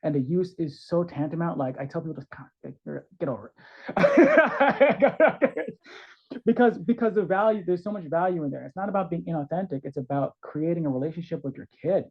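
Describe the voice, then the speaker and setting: A man talking as a guest in an interview about parenting, animated and acting out voices of parents and kids, heard over a call. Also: on the high side, fast talker. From New York. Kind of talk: conversational advice in an interview. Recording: dull, lo-fi sound.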